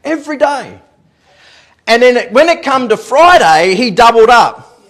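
A man preaching a sermon as pastor in a church, animated, repeating words and laughing at his own stories. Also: very high voice, unhurried. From Australia.

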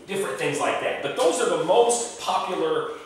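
A man presenting travel tips in a chatty way, slowly sounding out names and repeating them. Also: high-pitched, animated, far from the mic, slight background noise. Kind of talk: casual explanatory talk. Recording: echoey room, voice off-mic.

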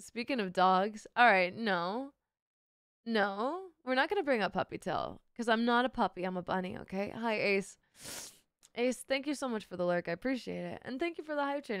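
A woman's voice: fairly high pitch, smooth, dry recording, studio quality. A young woman streamer with a sick, sore throat, chatting playfully with her viewers and swearing freely. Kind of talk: casual live-stream chat with viewers.

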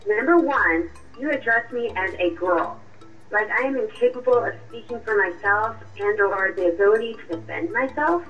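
A woman voicing a sharp, confrontational young girlfriend in a radio drama, with a cutting, accusing way of talking. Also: medium pitch, animated, normal speed, natural voice. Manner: cutting, accusing, coolly triumphant. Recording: muffled distant voice with music.

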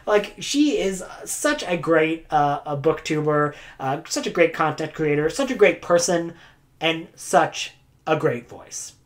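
A woman's voice: low voice, lively intonation, measured pace. A woman booktuber chatting casually to camera, rambling with lots of "like" fillers and frequent laughs. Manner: laughs often between phrases. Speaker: booktuber giving community awards.

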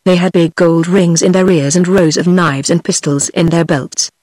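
A woman with a British English accent, a synthetic voice, narrating a storybook in an even, unhurried reading. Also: on the low side, dry recording. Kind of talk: audiobook narration.

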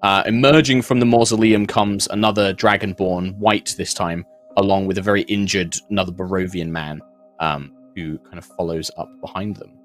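A British man narrating a tabletop role-playing game as game master, describing scenes haltingly with many fillers. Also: low-pitched, steady tone, faint music behind. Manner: hesitant, with many fillers and restarts.

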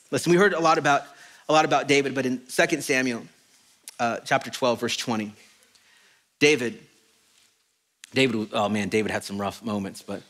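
A middle-aged man preaching a sermon as a pastor, telling stories in an animated, self-deprecating way. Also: medium pitch. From Mexican heritage. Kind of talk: storytelling sermon. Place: church auditorium.

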